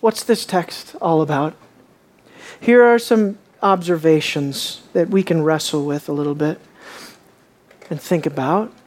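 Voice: medium pitch, a little slow, a little mellow. A preacher giving a conversational sermon, asking rhetorical questions of the congregation and dwelling on details.

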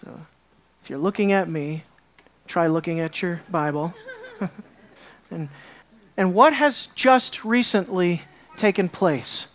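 A woman's voice: lowish voice, slow, pauses often. A woman preaching as a Bible teacher, emphatic, asking the listeners rhetorical questions and repeating words for stress. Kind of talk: sermon-style Bible teaching.

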